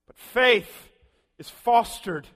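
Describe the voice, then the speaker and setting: A man preaching a sermon, dramatic, swinging from loud calls down to hushed lows. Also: drawn-out words. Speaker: pastor. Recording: long hall reverb.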